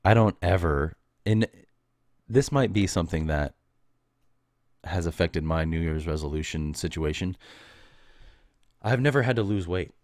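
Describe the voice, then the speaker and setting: Deep-voiced man ranting on a podcast. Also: expressive, measured pace, long pauses, darkish tone, no echo, clean studio sound. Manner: ranting, exasperated, mocking. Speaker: podcast host. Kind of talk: casual solo podcast monologue.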